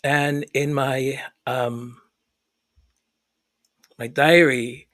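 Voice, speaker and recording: A musician telling a chatty, unhurried story to introduce one of his songs. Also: medium pitch, level tone, fairly bright tone, dry recording. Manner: unhurried, chatty, with pauses and fillers.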